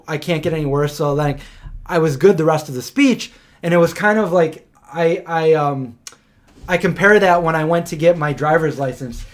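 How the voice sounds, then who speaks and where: Rambling, chatty man, slightly high voice. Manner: rambling storytelling, heavy on "like". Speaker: podcast host. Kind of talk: casual podcast chat.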